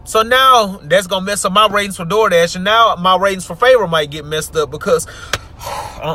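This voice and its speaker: A man, venting in a story time vlog, swinging between loud outbursts and low mutters, recorded in a car. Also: normal speed, slight background noise. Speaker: vlogger.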